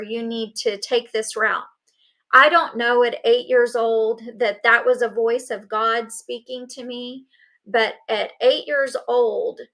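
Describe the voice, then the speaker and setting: Bright-voiced woman telling her story. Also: on the high side. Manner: earnest storytelling, acting out quoted voices. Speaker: summit speaker. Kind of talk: personal testimony talk.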